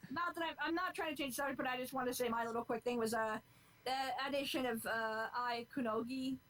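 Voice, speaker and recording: Swearing, earnest young woman, higher voice. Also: brisk, fairly bright tone, poor audio. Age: 20s. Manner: earnest, rambling, swears freely. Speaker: podcast co-host. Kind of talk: casual chat.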